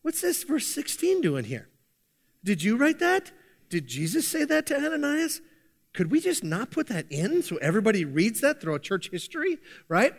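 Excited apostle done by a male preacher, high and incredulous, quick. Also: vocal fry, full character voice. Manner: eager, incredulous. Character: excited male apostle reading about himself.

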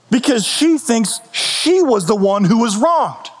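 A man gives a sermon in a relaxed, conversational manner, asking rhetorical questions and circling back over his own phrases. His voice sits fairly high for a man. The sound carries a long reverb, as if from a large hall. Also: unhurried, hardly any pauses. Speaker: pastor.

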